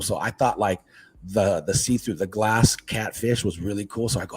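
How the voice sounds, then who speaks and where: A middle-aged man from Hawaii telling casual stories about his life, animated and acting out what his family said. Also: on the low side, brisk, breathy edge. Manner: animated, acts out family quotes. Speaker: podcast guest. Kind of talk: casual storytelling chat.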